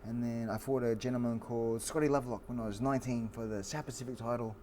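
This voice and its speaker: A man in his forties from Australia, a fighter telling stories as a guest, lively with lots of fillers and restarts. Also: medium pitch, quick pace, a little hiss or hum. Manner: animated storyteller with frequent fillers and restarts. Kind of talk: storytelling in an interview.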